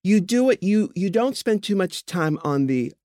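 Lively, playful man in podcast banter. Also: high-pitched, normal speed, no room sound, clean studio sound. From San Diego, USA. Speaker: podcast co-host. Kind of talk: casual podcast chat.

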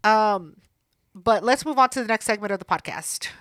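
A woman's voice: medium pitch, expressive, normal speed, a bit bright, no room sound. A young woman co-hosting a casual podcast, teasing her co-host with dry comebacks.

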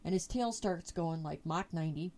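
A woman hosting a podcast, telling a story in a casual, profane, animated way. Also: fairly low pitch, normal speed. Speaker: podcast host.

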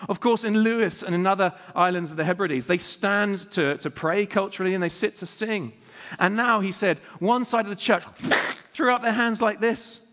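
Impassioned preacher in a reverberant hall. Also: male voice, high-pitched, moderate pace. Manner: animated storytelling, emphatic rhetorical questions. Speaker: guest preacher. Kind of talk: sermon.

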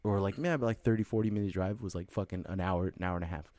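A man's voice: low voice, fast, dark tone, no echo, clean studio sound. A young man telling a rambling, profane story in casual chat, full of "like" and swearing. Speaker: podcast co-host telling a story.

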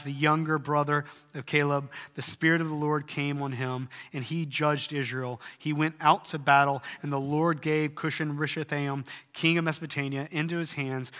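A man preaching a sermon in earnest tones, rising at times to loud, emphatic peaks. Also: a little high, in a large hall. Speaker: pastor.

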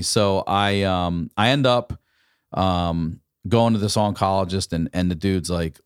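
Low-voiced man telling a wild story. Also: moderate pace, clear, resonant tone, dry recording, studio quality. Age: 40s. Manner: profane, animated storyteller. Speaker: podcast host. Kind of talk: casual storytelling chat. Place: podcast studio.

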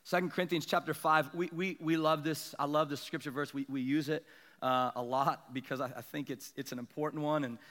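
A young adult male pastor delivers an animated sermon, drawing the congregation in with stories and quick asides. His voice sits high and bright, with a ringing, forward edge. The sound carries a long reverb from a church sanctuary.

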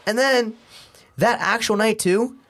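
A young man recounts a messy night to a friend on a podcast, swearing freely and breaking into laughter. His voice sits a little high. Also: measured pace, creaky. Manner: animated, swearing, laughing often, slangy. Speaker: guest. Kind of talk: casual storytelling chat.

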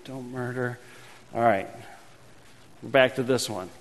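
A man, a pastor, teaching a congregation a playful hand-gesture game in his sermon, shifting between lively calls and quiet asides. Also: mid-range voice, unhurried, a little hiss or hum. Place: church sanctuary. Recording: long hall reverb.

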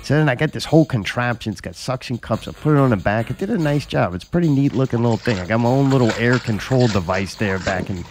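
A man's voice: medium pitch, expressive, fast talker, hardly any pauses, soft background music. A man in casual chat, telling a rambling, profane story about his pet fish.

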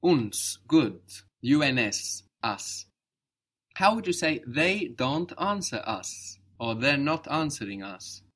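A male teacher leads a spoken language lesson at a slow, measured pace. He explains patiently and repeats words carefully for his student to copy. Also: mid-range voice, big pitch swings, fairly bright tone.

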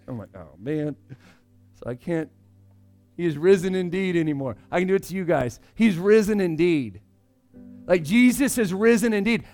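A man preaching a conversational sermon, swinging between loud emphasis and hushed asides. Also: sits high. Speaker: pastor.

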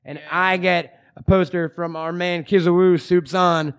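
A man's voice: high voice, fairly even intonation, measured pace, smooth. A man hosting a live comedic chat in front of a theater audience, rambling and joking with lots of swearing. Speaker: comedy podcast host.

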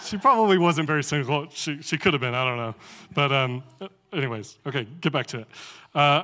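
A man preaching a casual sermon and reading scripture aloud, speaking conversationally and often pausing on fillers. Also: medium pitch, pushed and bright.

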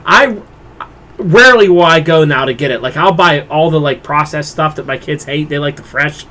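A middle-aged man with a profane, exasperated and animated delivery, ranting in casual podcast chat. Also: a little high, moderate pace. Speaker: podcast co-host.

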